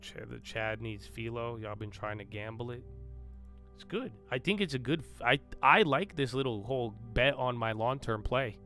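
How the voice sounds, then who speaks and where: A young man hosts a live trading stream with soft music in the background, bragging and trading banter with his chat in a loose, cocky way and swearing freely. His mid-range voice is animated, bright and forceful at a moderate pace.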